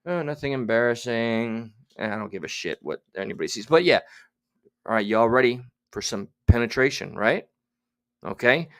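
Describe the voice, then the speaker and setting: A man hosts a casual livestream in an average-pitched voice. He rambles in a theatrical, exasperated way, muttering and cursing under his breath between remarks to his viewers. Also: expressive, moderate pace, a bit bright. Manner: muttering and swearing to himself. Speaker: livestream host.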